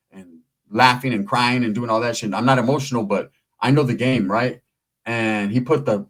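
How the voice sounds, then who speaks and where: A middle-aged man rambling through a profane, streetwise story while vlogging. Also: medium pitch. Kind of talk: casual storytelling to camera.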